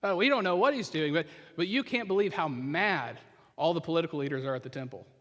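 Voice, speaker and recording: A male pastor preaching a sermon, retelling the story as if the listener were there and dropping to quiet asides. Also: on the high side, lively intonation, quick pace. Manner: storytelling, puts the listener into the scene. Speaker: senior pastor. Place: church sanctuary. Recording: reverberant church hall.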